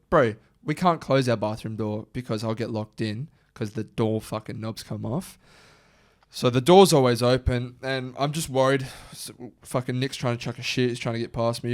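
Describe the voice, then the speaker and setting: A young man with an Australian accent, co-hosting a podcast in casual chat, swearing freely as he rants. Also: medium pitch. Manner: swears freely, animated ranting. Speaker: podcast co-host.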